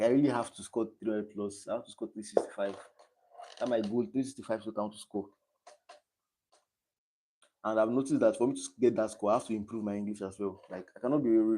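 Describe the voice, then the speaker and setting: Nigerian teen guy going through quiz questions on a stream, lowish warm voice, reads options out and rambles a bit. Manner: thinks aloud, reading quiz options aloud and chatting between them. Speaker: exam candidate streaming his study session. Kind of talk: casual livestream tutoring.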